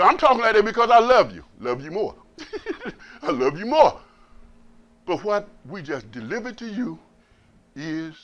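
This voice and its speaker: A man preaching a Friday sermon as imam, blunt and colloquial, repeating words for emphasis and swinging from loud preaching to low asides.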